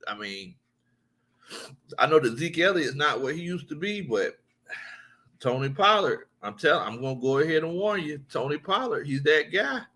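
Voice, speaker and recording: A man's voice: a little high, expressive, moderate pace, sharp tone. A man hosting a casual livestream sports chat, reading viewer comments, joking, laughing often and repeating his lines.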